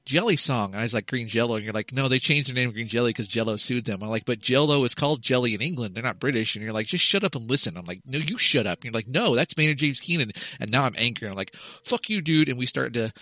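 Bright-voiced rambling storytelling man. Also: mid-range voice, fast talker, hardly any pauses, no room sound. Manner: rambling storyteller, swears freely. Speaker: podcast co-host. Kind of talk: casual comedic chat.

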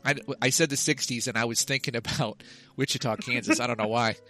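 A man co-hosting a loose comedy podcast, his tone bright and forceful. He rants, swears and wanders into asides. Faint music hums underneath. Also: medium pitch, fairly even intonation. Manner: ranting, profane, quick asides. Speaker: podcast co-host. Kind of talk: casual comedy chat.

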